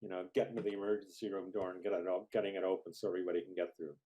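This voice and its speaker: A man with a low, husky voice plays a tabletop game. He speaks calmly and plainly as he describes what his character does. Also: very fast, muffled recording. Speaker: player. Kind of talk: casual tabletop play.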